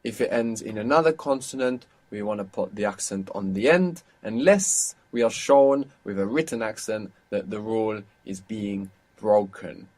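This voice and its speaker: A man's voice: lowish voice, moderate pace, hardly any pauses, darkish tone. Patient male language teacher. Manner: patient, explains step by step. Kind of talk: audio course instruction.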